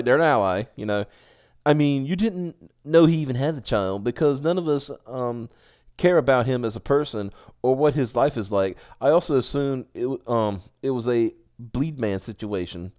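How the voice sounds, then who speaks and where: A man's voice: mid-range voice, lively intonation, moderate pace, a little mellow. A man co-hosting a livestream, ranting casually and profanely with exasperation while reading tweets aloud. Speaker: stream co-host.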